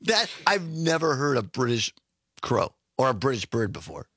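A man's voice: medium pitch, big pitch swings, normal speed, a bit bright, breathy edge, dry recording, clean studio sound. A man hosting a podcast, chatting casually, laughing and often saying "I mean". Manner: giggly, keeps saying "I mean". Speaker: podcast host. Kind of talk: casual chat.

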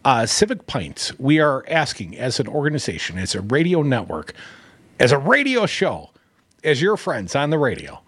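A man hosting a call-in talk radio show, joking and bantering in a lively way. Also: medium pitch, normal speed, breathy edge, dry recording. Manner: lively, joking, animated delivery.

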